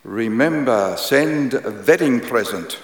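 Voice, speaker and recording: A preacher doing a puzzled Eastern European husband. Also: male voice, medium pitch, expressive, takes it slowly. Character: bewildered immigrant husband, middle-aged. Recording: echoey church hall.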